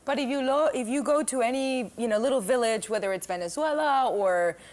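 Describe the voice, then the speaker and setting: A woman's voice: fairly high pitch, brisk, a little mellow. A woman from Spain, a nutritionist guest giving friendly, matter-of-fact advice on a talk show.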